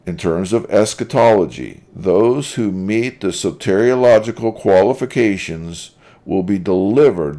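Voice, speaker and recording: A Bible teacher with a deep voice and dark tone gives a methodical study lecture, reading verses aloud and explaining them point by point. His manner is deliberate throughout.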